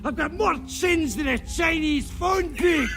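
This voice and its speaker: A man's voice: extremely high pitch, a little slow, vocal fry, sharp tone, shouting, faint music behind, heavily acted. An actor playing a crude, boastful obese henchman who bellows gross jokes.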